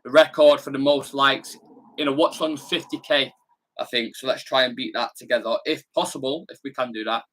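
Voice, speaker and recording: A man's voice: medium pitch, steady tone, brisk, fairly bright tone. A young man with a Salford accent, hosting a football watch-along and chatting bluntly with slang as he reads viewer comments. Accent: Salford, Manchester. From Salford, England. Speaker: football fan channel host.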